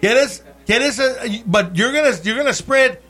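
A man's voice: extremely high pitch, a little slow, bright, forceful tone, faint music behind. A man preaching a bilingual sermon, switching between English and Spanish and calling out for amens from the congregation.

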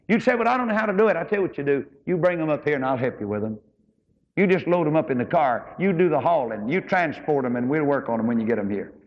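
A man preaching a folksy sermon as pastor, rising high and slow when he quotes scripture. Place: church auditorium. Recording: dull recording in a large reverberant hall.

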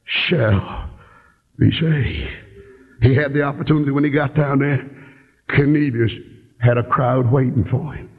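A man's voice: medium pitch, measured pace, long pauses. A man preaching a fiery sermon, pleading and crying out as he presses his point. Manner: impassioned, preaching with rising pleading cries. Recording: tinny phone-like old recording in a reverberant hall.

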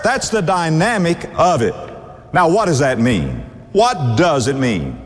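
A man's voice: a little high, long reverb tail. A man preaching a sermon, stretching out scripture quotes and chuckling now and then. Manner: animated, drawn-out scripture quotes, warm chuckles.

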